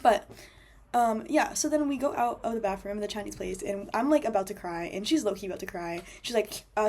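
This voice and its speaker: A woman's voice: mid-range voice, quick pace, a little mellow. A young woman telling a travel story as a voice-over, chatty and full of fillers. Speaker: travel vlogger.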